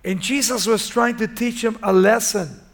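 Gravelly high-voiced male preacher. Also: normal speed. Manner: animated, conversational retelling of a Bible story. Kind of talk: sermon.

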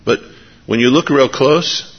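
A man preaching a sermon, sometimes acting out the people in his story in raised, animated voices. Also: medium pitch, measured pace, breathy edge. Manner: acts out biblical characters in lively raised voices. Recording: dull recording in a reverberant hall.

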